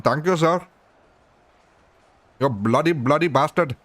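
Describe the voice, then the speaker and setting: Man doing a put-on Indian accent, exaggerated pleading caricature, raised pitch, dry sound. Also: slow pace, a bit bright, no room sound. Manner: high, pleading, then cursing.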